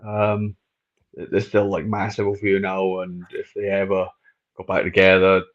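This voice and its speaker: A man's voice: deep voice, little pitch movement, normal speed. Hesitant Englishman over a muffled call. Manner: hesitant, full of fillers. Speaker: guest fighter. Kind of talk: casual interview answers. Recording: muffled video call audio.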